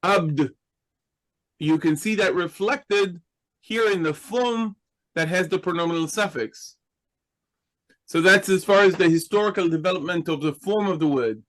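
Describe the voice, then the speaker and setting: A man's voice: sits high, a little slow, long pauses, fairly bright tone, rough recording. A man teaching a class in a patient, explanatory way, asking his students questions. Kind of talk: slow, deliberate Hebrew grammar lesson.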